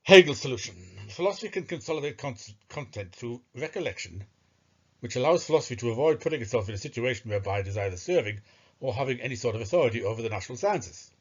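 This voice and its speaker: A man's voice: mid-range voice, lively intonation, fast talker, slightly rough. A man giving discursive, scornful commentary on philosophy, thinking aloud with hesitations. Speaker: philosophy video narrator. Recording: muffled lo-fi recording.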